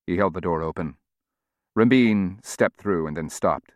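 A man reading a novel aloud in a measured, steady audiobook narration. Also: deep voice, no room sound, clean studio sound.

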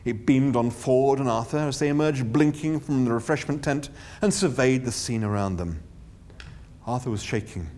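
A man giving expressive audiobook narration with wry, theatrical comic timing. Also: mid-range voice, normal speed.

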